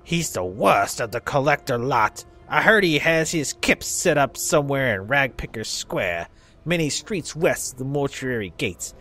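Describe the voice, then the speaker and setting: A man's voice: mid-range voice, lively intonation, a little slow, sharp tone, faint music behind. A man voicing a crusty, gossipy old male bar regular in a put-on Southern drawl. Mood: scornful.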